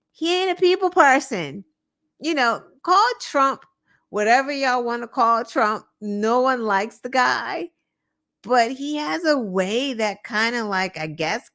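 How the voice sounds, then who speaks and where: Woman host, casual political talk, sarcastic and loose with fillers, voice a bit high. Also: a bit bright. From United States. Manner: chatty and sarcastic, with filler words. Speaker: show host.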